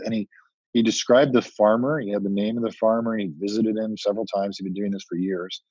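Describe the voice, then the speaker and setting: Man, husky voice, lowish pitch, animated storyteller, dry muffled recording. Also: brisk, dry recording. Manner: animated storytelling, acts out quoted dialogue. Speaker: startup founder and guest. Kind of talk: casual interview talk. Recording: muffled dry podcast audio.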